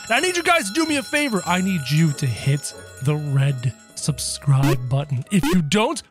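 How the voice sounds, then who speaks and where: A man giving excitable, playful gameplay commentary in character and talking to his viewers. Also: sits high. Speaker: gaming channel host.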